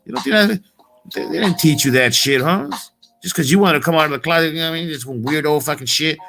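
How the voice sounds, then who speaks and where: Guy going off on a profane slangy rant, kinda high voice, soft music underneath. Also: fast talker, gravelly. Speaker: motivational vlogger. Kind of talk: casual ranting monologue.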